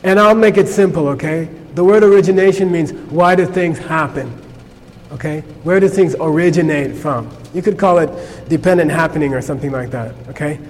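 A man's voice: a little high, a little fast, a little mellow. Chatty man teaching a class, echoing room. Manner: conversational, peppered with "okay?" checks. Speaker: Buddhist teacher. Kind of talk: informal class lecture.

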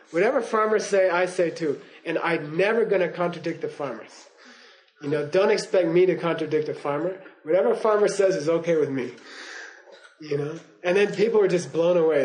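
A man's voice: a little high, a little mellow, low-quality recording. An older man teaching a class, telling digressive stories, chuckling and checking in with "okay?" and "you know?". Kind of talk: lecture to students.

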